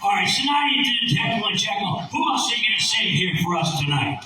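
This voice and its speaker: A man's voice: high voice, big pitch swings, a little fast. A man in his seventies, a ventriloquist doing showbiz stand-up patter on a bar stage on a handheld mic, repeating his catchphrases. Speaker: ventriloquist comedian. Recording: echoey club from far off, music.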